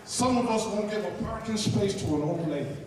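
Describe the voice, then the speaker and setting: A man preaches with fiery conviction, stopping after each phrase so his words can be translated. His voice sits unusually high. He sounds distant from the mic, in a cavernous hall full of people. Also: expressive. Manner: fervent and shouting, pausing for translation. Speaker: guest preacher. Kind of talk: preaching with an interpreter. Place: large church hall. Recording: echoey hall, far from the mic, crowd behind.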